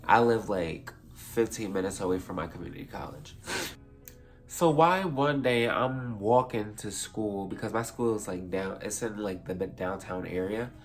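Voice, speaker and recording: A man's voice: lowish voice, normal speed. A young man casually telling a storytime tale for a vlog, rambling, swearing freely and correcting himself as he goes. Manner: rambling, profane, self-correcting.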